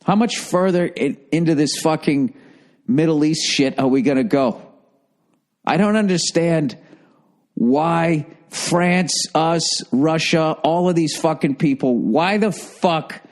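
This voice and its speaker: A man's voice: fairly high pitch, darkish tone. A man in his forties, hosting his own podcast and ranting with heavy profanity and sarcasm in a casual solo monologue. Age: 40s. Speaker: podcast host.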